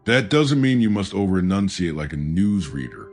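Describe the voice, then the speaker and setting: A man giving calm, measured, scripted narration of a self-help audiobook. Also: sits low. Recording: faint background music.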